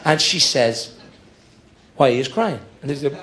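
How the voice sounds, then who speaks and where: A middle-aged Irish man telling a long joke on stage, laughing as he goes, in an animated storytelling manner. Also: mid-range voice, a little slow, pauses often. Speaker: comedian. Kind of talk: storytelling stand-up.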